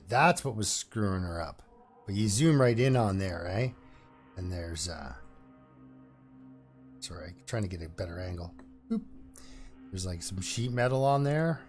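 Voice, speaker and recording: A man's voice: on the low side, expressive, measured pace, long pauses, soft background music. A man giving casual let's-play commentary, thinking aloud with fillers and restarts as he plays. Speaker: gameplay commentator.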